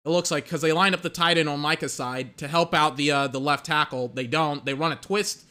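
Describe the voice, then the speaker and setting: A man calls a game live as a fan, his voice high and sharp. He rambles excitably, full of "like" and curses, and keeps getting exasperated at the plays. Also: brisk. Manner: excitable, exasperated, profane rant with filler "like". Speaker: fan commentator. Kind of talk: live watch-along game commentary.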